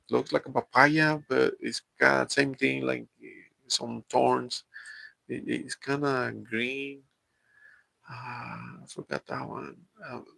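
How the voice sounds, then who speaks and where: Gravelly man with a Mexican accent. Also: medium pitch, bright, forceful tone, dry recording, rough recording. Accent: Mexican Spanish. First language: Spanish. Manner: halting, many fillers and restarts, chuckles often. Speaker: livestream host. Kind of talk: casual live-stream chat reading viewer comments.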